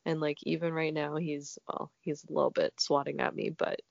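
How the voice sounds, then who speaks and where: Sick woman host chatting, low gravelly voice, dull lo-fi sound. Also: little pitch movement, normal speed, dry recording. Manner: chatty, laughs often, talks to her cat. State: sick with a cold. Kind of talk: casual chat. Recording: dull lo-fi audio.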